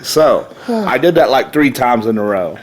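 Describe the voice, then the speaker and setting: A man's voice: medium pitch, sing-song, unhurried. Rowdy, profane man telling stories. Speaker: podcast guest, wrestler. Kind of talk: casual storytelling.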